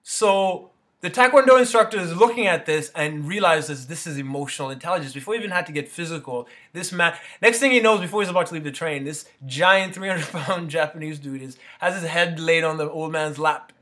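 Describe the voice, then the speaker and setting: A man giving a casual motivational street talk, rambling as he goes and tagging on "right?" and "you know". His voice sits a little high, with a bright, forceful edge. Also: brisk. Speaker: motivational speaker.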